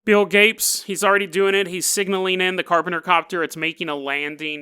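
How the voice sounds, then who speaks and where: A man's voice: high voice, flat delivery, brisk, few pauses, sharp tone, clear, resonant tone. A male podcast host telling a story in a joking, rambling way, laughing often. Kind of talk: comedic storytelling.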